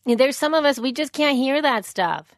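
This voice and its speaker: A woman's voice: high-pitched, lively intonation, normal speed, noisy background. A woman co-hosting a podcast in casual chat, rambling and self-deprecating with lots of fillers. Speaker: podcast co-host.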